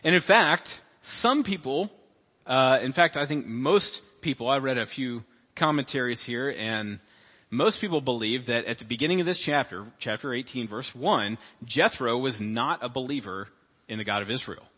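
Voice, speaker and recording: Man, pastor, conversational sermon, bright forceful tone, long church reverb. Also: mid-range voice, animated, normal speed, husky. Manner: conversational preaching with asides and acted quotes. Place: church sanctuary.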